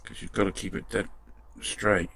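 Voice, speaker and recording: Man, deep gravelly voice, casual workshop commentary, mutters and swears mildly as he works. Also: steady tone, moderate pace, a bit bright. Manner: chatty, muttering while working, mild swearing. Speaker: model restoration vlogger.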